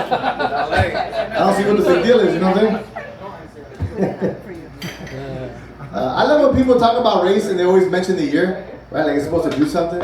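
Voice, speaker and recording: A man's voice: sits high, lively intonation, normal speed, pauses often. A man in his forties doing a loose, profane stand-up set, chatting with the crowd between bits. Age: 40s. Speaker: stand-up comic. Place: comedy club stage. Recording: echoey club from far off, crowd laughing. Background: audience laughter.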